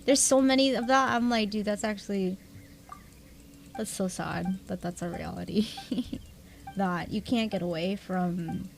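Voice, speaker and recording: A woman's voice: on the low side, gravelly, slight background noise. A young adult woman livestreamer chatting casually with her viewers, rambling and self-deprecating, laughing often. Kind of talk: casual stream chat.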